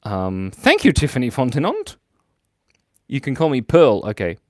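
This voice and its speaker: A man's voice: medium pitch, huge pitch swings, normal speed. A playful man talks through a live drawing stream, with a voice that rises and falls a lot as he jokes along with viewers. He laughs often and teases himself. The sound is close and dry, with no room echo. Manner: playful, joking and self-mocking; laughs often while talking. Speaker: livestream host drawing for viewers. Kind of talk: casual live chat reading viewer comments.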